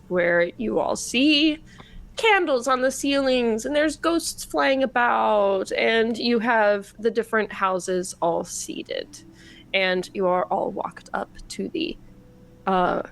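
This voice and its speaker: Slow, giggly woman game master. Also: mid-range voice, creaky. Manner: hesitant, giggly, many ums. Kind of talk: narrating a tabletop game.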